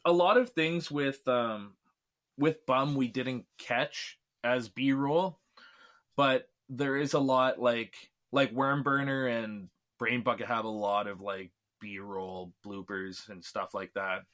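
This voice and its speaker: A man from Canada talks as a guest in a relaxed podcast interview, his voice sitting at an ordinary middle pitch. He chats loosely and laughs often between remarks. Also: slow. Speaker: filmmaker guest.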